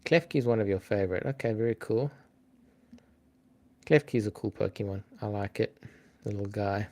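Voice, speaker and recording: A man's voice: lowish voice, fairly even intonation, moderate pace, darkish tone. A man hosting a live-stream trivia game in a casual, chatty way, thinking aloud and greeting viewers by name.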